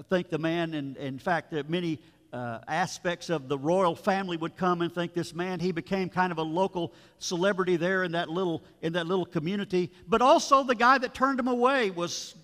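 A man's voice: a little high, a bit bright. A man, a pastor, giving a sermon in a storytelling, conversational way, with asides to his listeners. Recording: long reverb of a large room.

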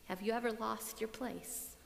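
A woman's voice: on the high side, steady tone, a little slow, gravelly. Reflective woman preaching in an echoey hall. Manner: reflective, with a repeated refrain. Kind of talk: sermon. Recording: echoey hall with long reverb.

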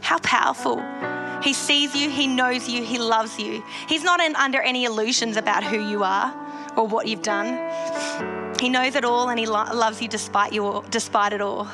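A woman's voice: a little high, steady tone, moderate pace, music in the background. A woman giving an earnest devotional sermon, stressing points by repeating phrases. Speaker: Christian devotional speaker.

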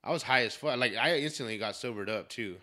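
A young man hosting a casual podcast, telling a story in a profane, animated way. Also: mid-range voice, fast. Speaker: podcast host.

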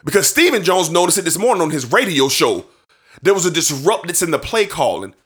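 A high, bright male voice that swings widely in pitch as he rants about football. He is a sports talk host in his thirties, passionate and heated, and at times he pushes up to a shout. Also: sing-song, fairly quick, husky. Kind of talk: heated sports opinion rant.

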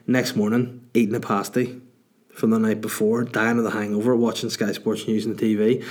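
Chatty low-voiced Northern Irish man. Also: level tone, brisk, darkish tone. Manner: chatty, joking, rambling anecdotes. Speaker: podcast host. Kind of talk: casual chat answering listener questions.

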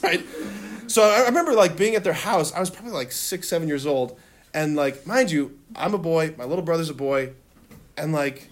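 A man teaching a classroom of children, animated and laughing, calling on students and leading them in call-and-response. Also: on the high side. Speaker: religion teacher.

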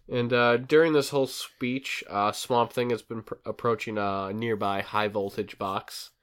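A man's voice: on the low side, steady tone, a little slow, hardly any pauses, a bit bright, clean tone. A man casually recapping a show's plot, acting out lines and using many fillers. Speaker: podcast host recapping a show. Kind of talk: casual chat.

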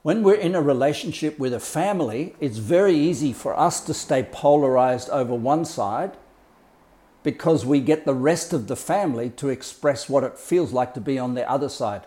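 A man's voice: mid-range voice, lively intonation, normal speed, dark tone. A man talking as a life coach, explaining ideas in a blunt, colourful way with swearing and mimicked sounds. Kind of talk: casual explanatory talk.

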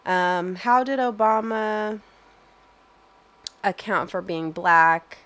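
A woman's voice: mid-range voice, very slow, a bit bright. A young woman answering interview questions in a thoughtful, hesitant way, full of fillers and restarts.

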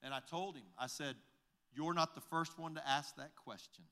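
A male pastor telling a story in a sermon, recounting conversations line by line with many "I said, he said" turns and halting restarts. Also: fairly high pitch, bright, forceful tone. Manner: recounts conversations, retelling each exchange with repeated "I said, he said"; halting restarts and repeated words.

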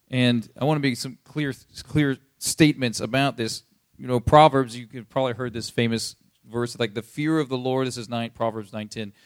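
A man's voice: mid-range voice, no room sound. Conversational male pastor, dry sound. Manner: conversational, keeps asking "you see what I'm saying?". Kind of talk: sermon.

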